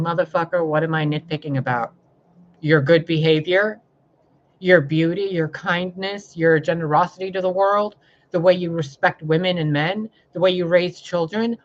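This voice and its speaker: A woman's voice: deep voice, fairly even intonation, measured pace, pauses often, highs cut off. A woman tarot reader giving an impassioned spiritual monologue, fiery and confrontational, full of swearing and rhetorical questions.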